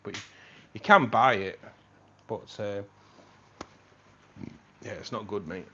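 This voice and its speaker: A man's voice: on the low side, takes it slowly, bright, forceful tone, muffled recording, a little hiss or hum. A man hosting a casual livestream, chatting with viewers, calling them mate and reading out the chat, his voice a little tired. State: voice tiring. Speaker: livestream host. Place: home room.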